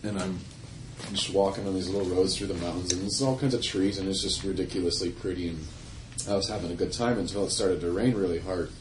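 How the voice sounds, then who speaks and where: A man's voice: sits low, quick pace, noisy background. A male singer-songwriter telling a rambling anecdote between songs, with laughs and self-corrections, in front of a live audience. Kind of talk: stage banter and storytelling. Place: live music venue with audience. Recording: echoey live room from far off.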